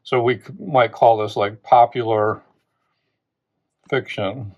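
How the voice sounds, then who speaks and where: Male lecturer, mid pitch, slow and searching, thinks out loud with frequent self-corrections. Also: fairly even intonation, lo-fi sound. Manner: thinking aloud, many restarts and rhetorical questions. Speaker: literature teacher and channel host. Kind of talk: unscripted close reading lecture.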